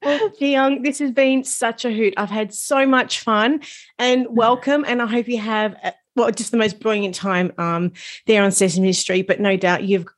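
A woman's voice: on the high side, steady tone, moderate pace. A woman with an Australian accent hosting a podcast, enthusiastic and chatty with her guests. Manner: enthusiastic, says awesome a lot. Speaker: podcast host. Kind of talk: friendly interview chat.

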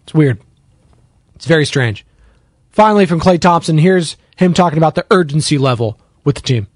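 A man's voice: fairly high pitch, expressive, moderate pace, darkish tone, no echo. A man runs a sports radio monologue in a slightly raised voice, sarcastic and prone to drifting off on tangents. The sound is dry and close, like a studio microphone with no room around it. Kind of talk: opinionated sports talk monologue.

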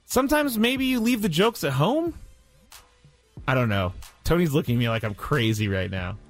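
A male sports radio host who mixes banter with live ad reads in an animated way. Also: fairly high pitch, normal speed, faint music behind.

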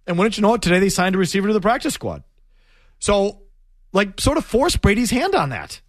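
A man's voice: high voice, brisk, no echo. A man hosting a sports talk show, ranting in an emphatic, exasperated way. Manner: animated, emphatic, exasperated rants.

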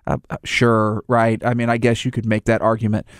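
A man's voice: fairly low pitch, level tone, fairly quick, no echo, studio quality. Rambling man explaining, acting out scenes. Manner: explains in rambling restarts, acts out little scenes. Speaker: gun store owner. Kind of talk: casual conversation.

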